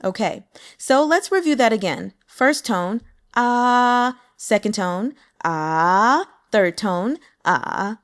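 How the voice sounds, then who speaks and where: A woman's voice: mid-range voice, expressive, a little slow. Upbeat woman teaching pronunciation. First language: English. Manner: upbeat, demonstrates sounds with exaggerated vocal examples. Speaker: language teacher. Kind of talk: casual explainer lesson.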